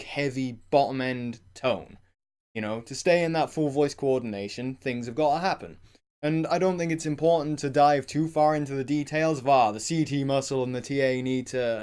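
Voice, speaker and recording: Smooth-voiced man explaining singing technique. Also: medium pitch. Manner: conversational, many "you know" fillers, rambling asides; breaks into short sung and shouted vocal demos. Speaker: singing vlogger.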